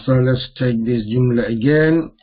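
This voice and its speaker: A man's voice: mid-range voice, slight background noise. Man teaching grammar, dull-sounding recording. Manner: repeats each term slowly, mixing Arabic terms into English. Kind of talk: classroom grammar lesson.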